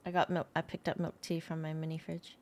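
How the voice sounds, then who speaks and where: A woman's voice: sits low, monotone, a little fast. A woman hosting a casual commentary, chatting and joking with her viewers over a lesson video. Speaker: video host reacting to a lesson. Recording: loud guitar music underneath.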